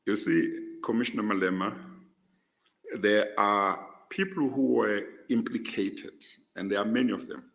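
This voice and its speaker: An older South African man answering questions in a formal panel interview, measured and pausing often. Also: on the low side, gravelly, fairly bright tone, low-quality recording. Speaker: interview candidate.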